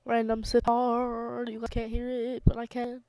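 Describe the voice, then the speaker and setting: A woman's voice: fairly high pitch, monotone, measured pace, warm tone, no echo. A young woman commentating her own gameplay, muttering playfully and breaking into sing-song bits as she plays. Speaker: gamer. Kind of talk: casual let's play commentary.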